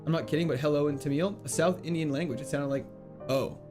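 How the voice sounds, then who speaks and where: A man's voice: fairly high pitch, quick pace, a little mellow, faint music behind. A man streaming a video game live, chatting casually and playfully as he reads out chat and laughs often. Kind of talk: casual live gameplay commentary, reading chat.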